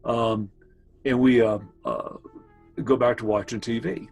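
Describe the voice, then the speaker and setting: A man's voice: medium pitch, steady tone, measured pace, creaky, darkish tone, soft background music, poor audio. A man casually telling his brother old family stories, meandering with asides to his listener. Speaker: family storyteller. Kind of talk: casual spoken storytelling.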